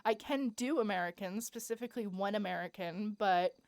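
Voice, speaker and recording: A woman streamer chatting casually during a role-play game. She rambles, laughs often and fills pauses with fillers. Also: medium pitch, no echo. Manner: giggly, rambling, lots of fillers. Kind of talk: casual chat.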